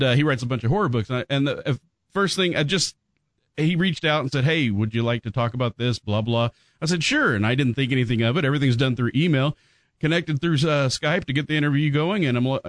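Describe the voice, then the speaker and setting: Male podcast host, medium pitch, chatty and laughing, dry close mic. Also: dry recording. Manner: chatty, laughs often, many "uh"s. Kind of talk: casual podcast chat.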